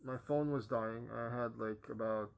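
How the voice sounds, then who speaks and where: A young man telling a personal testimony, halting with many pauses and fillers, his voice sinking quiet at the ends of phrases. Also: mid-range voice, steady tone, vocal fry, clean tone. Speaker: vlogger giving a personal testimony.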